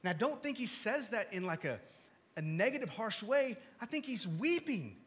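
High, bright-voiced preacher swinging loud to hushed. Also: male voice, very animated, normal speed. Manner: swings from loud emphatic to hushed low delivery; conversational, with asides and small jokes. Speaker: pastor. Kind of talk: sermon. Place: church hall with congregation.

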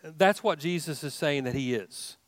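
A man's voice: fairly high pitch, normal speed, no echo. A man preaching a sermon, emphatic, with rising questions and frequent restarts. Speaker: pastor.

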